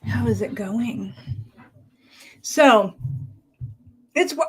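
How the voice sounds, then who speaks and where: A woman's voice: a little high, lively intonation, husky. A woman hosting a casual live stream, talking with a slight lisp from costume fangs, musing and trailing off as she speaks. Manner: slow, musing, trailing off and restarting. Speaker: livestream host.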